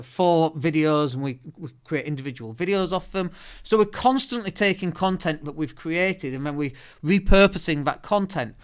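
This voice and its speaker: British male podcast host, fairly high, smooth resonant voice, lively chatty delivery, studio mic. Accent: British English. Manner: chatty, lively, often restarts words. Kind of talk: solo podcast monologue. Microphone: studio microphone.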